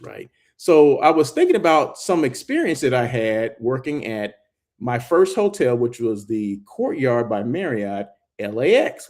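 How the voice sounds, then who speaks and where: A man giving a casual walking vlog tour of a hotel, chatty and excitable, filling his talk with asides and "right?" tags. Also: medium pitch. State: out of breath while walking. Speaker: hotel industry vlogger. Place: hotel grounds, indoors and out.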